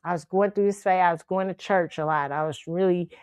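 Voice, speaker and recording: A woman's voice: lowish voice, fairly even intonation, a little fast, darkish tone, smooth, no room sound. A woman hosting her own show, telling a story in a casual, profane way and laughing often. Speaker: show host.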